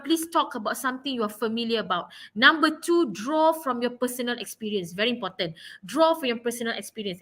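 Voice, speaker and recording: A woman's voice: high voice, pushed and bright. A Malaysian woman teaching an online English revision class, encouraging students and often repeating her phrases.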